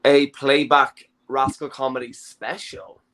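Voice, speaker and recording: A man's voice: medium pitch, little pitch movement, slow pace, a bit bright. An Irish man hosting a comedy show over a video call, joking and teasing his guests. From Ireland. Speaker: host. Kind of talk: casual chat on a live video show.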